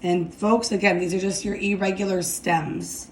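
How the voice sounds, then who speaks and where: A woman's voice: mid-range voice, little pitch movement, echoey room, a little hiss or hum. A woman teaching a Spanish grammar lesson, explaining step by step and often checking in with "okay?" while she writes. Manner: slow, deliberate, repeats "okay?" to check understanding.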